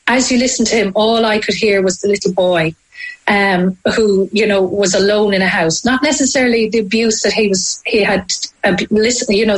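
A woman with an Irish accent, telling a deeply personal story as an interview guest, halting and emotional with frequent restarts. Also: poor audio. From Ireland.

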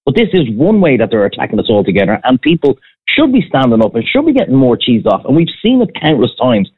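A man's voice: mid-range voice, huge pitch swings, fast, husky. Fired-up Irish man, tinny phone-like sound. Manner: fired-up ranting, blunt and profane. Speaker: podcast guest, former restaurant owner. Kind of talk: casual chat.

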